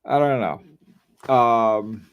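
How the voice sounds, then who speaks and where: A middle-aged man talks slowly and unhurriedly in a casual live-stream chat. His voice sits at an ordinary middle pitch. He rambles, muses aloud and restarts his sentences often. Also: fairly even intonation, clean tone, muffled recording. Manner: rambling, musing, frequent fillers and restarts. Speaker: watch channel host.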